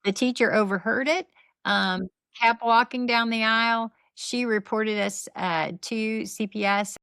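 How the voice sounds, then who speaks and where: A middle-aged woman guest telling lively, faith-based stories and acting out what people said in casual conversation. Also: fairly high pitch, unhurried, clean tone, dry recording. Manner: animated, faith-based storytelling with acted-out quotes. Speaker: podcast guest, nonprofit founder. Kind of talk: conversational storytelling.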